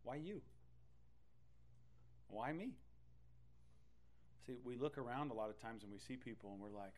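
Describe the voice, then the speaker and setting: A man preaching a sermon in an animated, conversational way, with loud bursts and playful asides. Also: medium pitch, moderate pace, pauses often. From Texas. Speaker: pastor.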